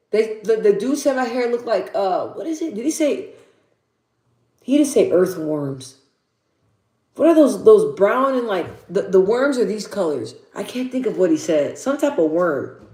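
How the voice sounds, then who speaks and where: A woman's voice: mid-range voice, sing-song, normal speed. A young woman hosting a casual livestream, laughing often and chatting with her viewers as she reads the chat. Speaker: livestream host. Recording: echoey room.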